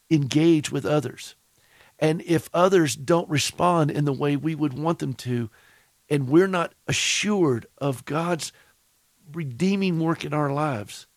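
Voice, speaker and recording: A man's voice: a little high, no room sound. A man with a Southern accent hosting a radio talk show, speaking in a reflective, encouraging way at length. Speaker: radio host.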